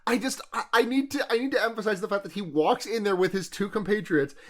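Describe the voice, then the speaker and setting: A man's voice: sits high, quick pace, a bit bright. A man chatting as a podcast guest about a movie, emphatic and amused, tripping over his restarts. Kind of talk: casual movie chat.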